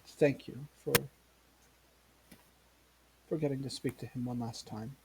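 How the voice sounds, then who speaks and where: A man voicing a grieving village mother who speaks in halting, stammering bursts. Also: mid-range voice, steady tone, very noisy, lightly acted. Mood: stunned grief.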